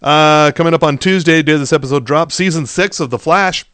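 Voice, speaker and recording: Man, podcast co-host, blunt, profane, news rundown, smooth clear voice, dry sound. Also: on the high side, a little fast, fairly bright tone, no room sound. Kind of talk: casual podcast chat.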